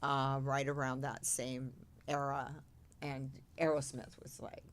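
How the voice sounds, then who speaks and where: A woman's voice: rumbling low, level tone, slow. A woman hosting a podcast, chatty and enthusiastic as she interviews her guests. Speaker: podcast host. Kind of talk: casual interview chat.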